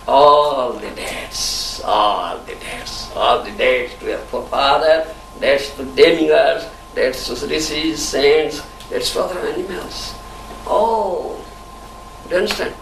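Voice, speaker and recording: A man's voice: a little high, expressive, measured pace, creaky. A man gives a devotional lecture, often chuckling and asking "you understand?". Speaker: spiritual teacher. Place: temple hall. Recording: echoey hall, distant mic, faint hiss.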